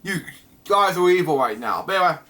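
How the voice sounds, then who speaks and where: A man reviewing comic books out loud, halting and restarting, with exasperated asides. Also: high voice, animated. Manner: halting, with many fillers and restarts. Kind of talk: casual reading and commentary.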